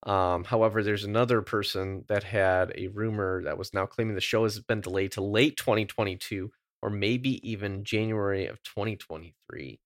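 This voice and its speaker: An upbeat, chatty male podcast host with a fairly low voice, leading the show through the news. The sound is dry and close-miked. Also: fairly even intonation, moderate pace, few pauses, no echo. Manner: upbeat, chatty, laughs often. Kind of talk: casual podcast chat.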